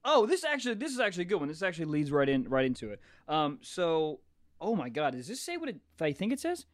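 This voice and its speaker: A young man hosting a casual podcast chat, crude, excitable and joking. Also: a little high, fast talker, dry recording, studio quality. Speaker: podcast host.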